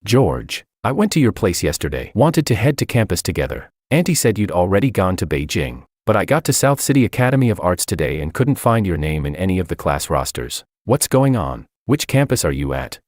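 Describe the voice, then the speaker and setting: A man's voice: low-pitched, big pitch swings, fairly quick, few pauses, a little mellow, no room sound, clean studio sound. A man voicing a flustered young woman who rambles nervous excuses.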